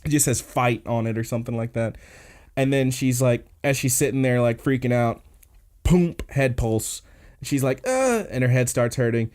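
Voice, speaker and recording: Chill podcast dude recapping an anime ep, swears a lot, mid pitch. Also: male voice, steady tone, normal speed, a little mellow. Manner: laid-back, swears freely, chuckles often. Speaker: podcast host. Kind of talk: casual episode recap.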